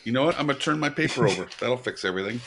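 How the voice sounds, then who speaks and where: A man's voice: medium pitch, lively intonation, very fast. A man competing in a trivia game, joking at his own expense. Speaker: trivia contestant. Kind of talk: casual chat. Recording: clear background noise with clicks.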